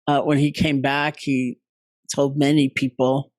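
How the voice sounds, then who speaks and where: An older man hosting an interview, explaining background for listeners in a measured way with frequent pauses. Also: mid-range voice, flat delivery, darkish tone, no room sound. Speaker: host.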